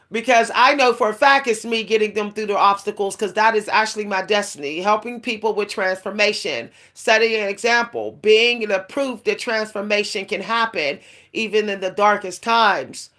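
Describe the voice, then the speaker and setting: A woman's voice: medium pitch, moderate pace, fairly bright tone. A woman speaking to her listeners in a casual spiritual monologue, her voice sitting in an ordinary middle range. She rambles in a confiding way, with plenty of fillers and restarts, and laughs now and then as she talks. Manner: confiding, addresses listeners directly. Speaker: spiritual vlogger.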